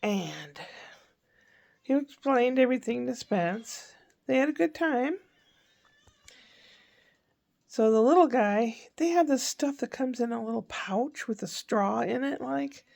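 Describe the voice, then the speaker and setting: A woman's voice: on the high side, expressive, unhurried, gravelly, a little mellow. An older woman chatting casually in a rambling diary-style vlog, often correcting herself mid-sentence. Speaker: vlogger.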